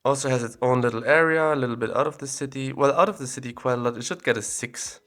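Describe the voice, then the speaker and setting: A medium-pitched man talks fast as he explores locations on a map, offering casual commentary that follows his thoughts. He sounds relaxed and chatty, recorded on a separate audio device.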